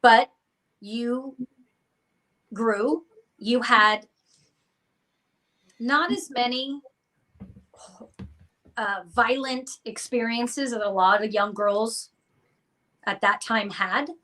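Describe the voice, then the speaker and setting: A woman with a slightly high voice gives a psychic reading on a live stream, speaking slowly and deliberately. She is earnest and expressive, acting out the listener's imagined thoughts and slipping in small laughs between phrases. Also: low-quality recording. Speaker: psychic reader.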